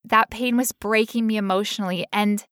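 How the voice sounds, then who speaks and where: A woman's voice: mid-range voice, steady tone, moderate pace, fairly bright tone, no echo, clean studio sound. A young woman co-hosting a podcast, talking candidly and emotionally, with frequent laughs. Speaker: podcast co-host. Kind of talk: personal, emotional podcast talk.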